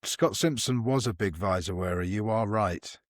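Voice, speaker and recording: A man's voice: lowish voice, normal speed, dry recording, studio quality. A man hosting a podcast, asking questions in a wry, playful, casual way. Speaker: podcast host. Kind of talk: casual chat.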